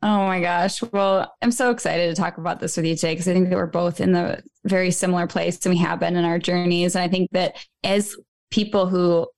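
A woman in her thirties speaks as a podcast guest. Her voice sits a little low, and she tells her story in a chatty, animated flow. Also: a little fast. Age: 30s. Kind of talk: casual interview conversation.

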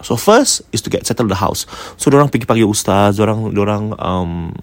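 A man's voice: fairly low pitch, lively intonation, brisk, no echo. A man with a Malaysian English accent casually retelling a ghost story, chatty and slipping Malay words into his talk. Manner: chatty, code-switching with Malay words and slang.

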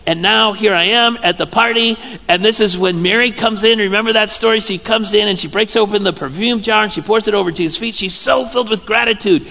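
A playful Midwestern pastor in his fifties preaches with a fairly high, gravelly voice. He jokes his way through the sermon and bursts into loud exclamations. His voice rings with the long reverb of a church hall. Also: fast talker, few pauses. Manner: playful, jokey storytelling with sudden loud exclamations.

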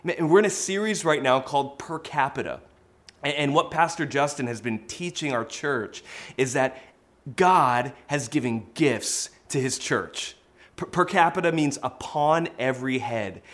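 A man in his forties preaching a sermon in church, telling stories with energy and bursts of loud exclamation. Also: medium pitch, lively intonation, a little slow. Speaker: pastor.

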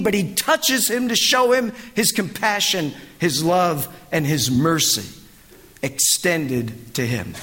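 A man's voice: high voice, fairly bright tone, big-room sound. A man preaching a sermon as pastor, with a dramatic delivery that swells and drops.

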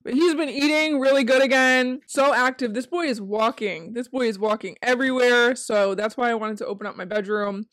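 A chatty young woman hosts a podcast from her bedroom, frank and quick to laugh, with a tired edge to her talk. Her voice sits a bit high. The sound is close and dry, with almost no room. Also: steady tone, a bit bright, no echo. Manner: chatty, frank, swears casually, laughs often. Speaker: podcast host. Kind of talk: casual chat. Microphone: handheld mic.

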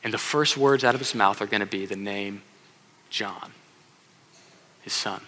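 A man preaching a lively sermon, acting out the voices in his stories and calling on the kids in the room. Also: on the low side, measured pace, slight background noise. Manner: animated, acts out quoted voices, addresses kids in audience. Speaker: pastor. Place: church sanctuary. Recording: long hall reverb.

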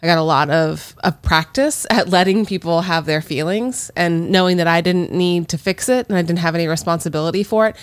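Lower-voiced, supportive woman. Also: a little fast, few pauses, clean tone, dry recording. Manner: supportive, frequent affirming "yeah" and "right". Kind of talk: casual conversational chat.

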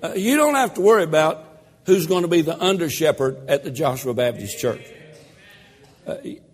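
A man preaching a sermon as pastor, slow and emphatic with dramatic pauses and rising emphasis. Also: fairly high pitch, animated, slightly rough. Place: church sanctuary. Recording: echoey church hall.

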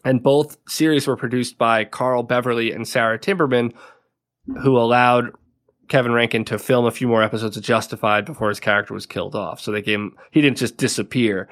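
A man of ordinary, mid-range pitch talks through a TV episode on a casual podcast. He is chatty and loose, peppering his recap with "like" and breaking into laughter now and then. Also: steady tone, fairly quick, fairly bright tone. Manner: chatty, laughs often, leans on "like" a lot. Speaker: podcast co-host.

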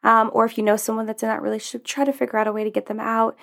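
A woman's voice: a little high, little pitch movement, rapid-fire, gravelly, a bit bright. A woman vlogger giving earnest, casual advice to her viewers, with lots of ums and you-knows. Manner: earnest, with many fillers like "um" and "you know". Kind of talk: casual advice talk to camera.

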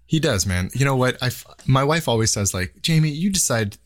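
A man's voice: mid-range voice, expressive, fairly quick. A man co-hosting a podcast in casual chat, enthusiastic, swearing and often tagging sentences with "right?". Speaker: podcast co-host.

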